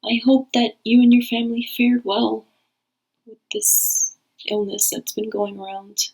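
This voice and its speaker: A woman's voice: on the high side, fairly even intonation, unhurried, darkish tone, slightly rough, poor audio. A woman hosting her own reading channel, talking casually and rambling to her viewers with frequent restarts. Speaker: tarot reader and channel host. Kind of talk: casual talk to camera.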